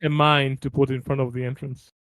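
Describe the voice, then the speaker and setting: A man's voice: mid-range voice, flat delivery, quick pace, a bit bright, no room sound. A man playing a tabletop game, making wry, amused asides. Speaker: player. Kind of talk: tabletop role-play banter.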